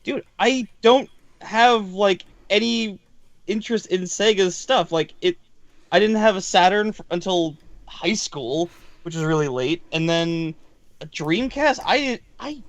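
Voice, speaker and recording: A man's voice: high voice, no room sound, dull audio. A man in casual chat on an art stream, rambling frankly and swearing freely.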